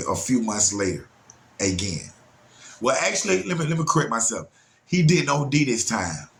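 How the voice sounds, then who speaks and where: A man telling a story from his childhood in a casual, animated way, talking straight to his listeners and swinging his pitch widely for emphasis. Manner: talks straight to listeners, often with "y'all" and "man".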